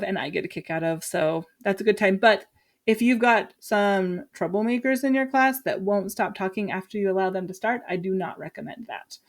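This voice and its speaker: A woman from Utah, a teacher, chatting casually and lively as she walks through her lesson plan with quick asides. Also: medium pitch. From Utah, USA.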